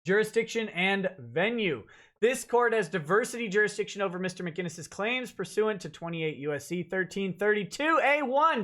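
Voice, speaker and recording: A man's voice: sits high, fairly bright tone. A man hosting a live stream, reading a lawsuit complaint aloud and breaking off for blunt, jokey, sarcastic asides. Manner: reads dense legal text aloud, breaking off for sarcastic asides. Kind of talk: live-stream legal commentary.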